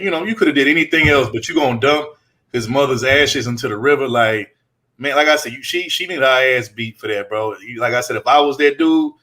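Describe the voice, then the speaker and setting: A man's voice: medium pitch, bright, forceful tone. A man hosting a casual chat show, rambling, profane and leaning on the same stock phrases. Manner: profane, rambling, leans on "you know what I'm saying". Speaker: host.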